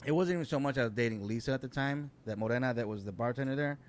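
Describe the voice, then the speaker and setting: A middle-aged male comedian tells a story on a podcast in a casual, rambling way. He swears freely and keeps doubling back to fill in who is who. His voice sits at an ordinary middle pitch. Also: rapid-fire, slight background noise. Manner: profane, rambling anecdotes. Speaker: guest comedian.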